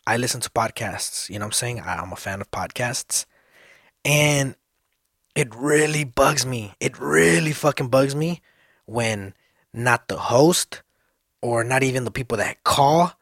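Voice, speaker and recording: A man's voice: medium pitch, a little slow, a bit bright, no room sound, studio quality. A man in his thirties hosting a solo podcast, rambling casually, cursing often and restarting his sentences. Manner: rambling, swears a lot, many restarts.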